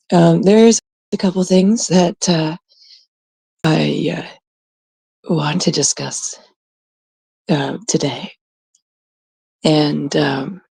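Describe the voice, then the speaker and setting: Sick woman vlogger, husky and dark-toned, rambling casual chat with swearing. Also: low-pitched, no echo, poor audio. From Canada. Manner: rambling, swearing freely, many fillers. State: sick, rough voice. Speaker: channel host.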